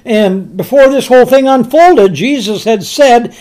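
A man preaching a sermon, telling scripture stories slowly and emphatically, often repeating his words. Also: high voice, lively intonation, vocal fry, a little mellow. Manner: earnest storytelling, slow and emphatic, with repeated words.

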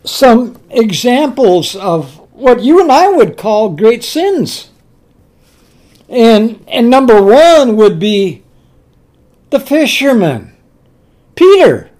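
A man preaching a sermon, telling scripture stories slowly and emphatically, often repeating his words. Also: very high voice, big pitch swings, a little mellow. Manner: earnest storytelling, slow and emphatic, with repeated words.

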